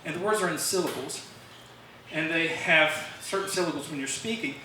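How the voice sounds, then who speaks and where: At a club meeting, a man gives an informal talk on songwriting, rambling with fillers and restarts; his voice is a little high, brisk, bright, and forceful. A distant mic in a very echoey meeting room captures him, with faint hiss.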